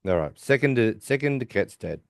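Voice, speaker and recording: A middle-aged Australian man co-hosting a podcast in casual, animated, joking chat. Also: mid-range voice, brisk, creaky, no room sound, studio quality. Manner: animated, jokey, talks over his co-host. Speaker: podcast co-host.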